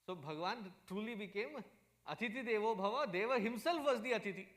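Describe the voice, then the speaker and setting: A man with an Indian accent, a swami giving a satsang talk in a humorous, animated storytelling manner. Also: high voice, brisk. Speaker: swami, spiritual teacher.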